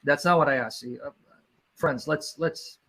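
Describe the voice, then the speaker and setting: Debate lead: man, fairly high voice, insistent questioner who repeats himself. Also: fairly bright tone, husky. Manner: pressing, repeats questions, slows others down. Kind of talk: live online debate.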